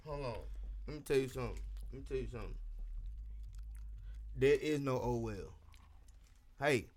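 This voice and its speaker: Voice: medium pitch, normal speed, darkish tone. A speaker in casual chat with blunt, cynical remarks.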